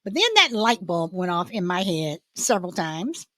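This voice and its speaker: A woman's voice: on the low side, lively intonation, normal speed, fairly bright tone, no room sound. A woman hosting a casual livestream chat, talking in loops and breaking into laughter often. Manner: laughs often, chatty and repetitive. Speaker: host.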